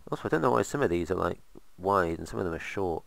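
A man's voice: low voice, expressive, fast, vocal fry, dry recording. A man casually commentating while playing a game, rambling with sarcastic asides. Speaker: let's play host.

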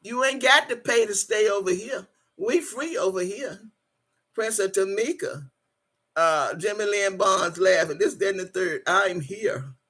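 Woman on a livestream reading comments, laughing lots, husky voice, keeps telling folks to hit like. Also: medium pitch, unhurried, a bit bright. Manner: chatty, laughs often, addresses viewers as y'all; urges viewers to like and subscribe. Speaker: channel host.

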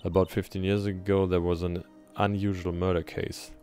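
A man's voice: sits low, flat delivery, moderate pace, warm tone, clear, resonant tone, soft background music, lightly acted. A man reading aloud the lines of a lonely, earnest young woman who is a spirit medium in a video game, in his own plain voice. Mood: recounting.

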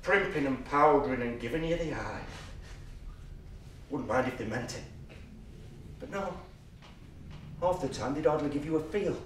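An actor playing a menacing, order-obsessed psychopathic man in a stage monologue, slow and intense, dropping to whispers and bursting out loud. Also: medium pitch, expressive, a little hiss or hum, lightly acted. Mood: sneering. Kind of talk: theatrical monologue. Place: theatre stage. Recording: distant, echoey stage recording.

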